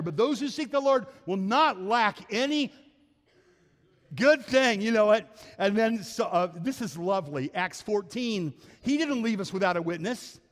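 Middle-aged male pastor, Midwestern American accent, high-pitched preaching voice with call-and-response, recorded in a reverberant church hall. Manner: drops to a soft, low storytelling voice in anecdotes. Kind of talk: sermon. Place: church sanctuary.

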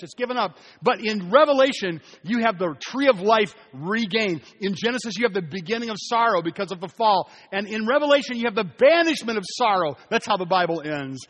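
A man's voice: high voice, fairly bright tone. A man preaching a sermon as pastor, emphatic, repeating key phrases and putting questions to the congregation. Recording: long reverb of a large hall.

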